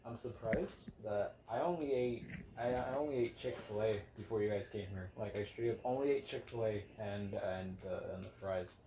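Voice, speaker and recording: A man's voice: on the low side, moderate pace, warm tone. A young man co-hosting a podcast, chatting casually and rambling with lots of restarts. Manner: rambling, stumbles and restarts, mumbles. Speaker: podcast co-host. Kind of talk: casual chat among friends. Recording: roomy room with faint hiss.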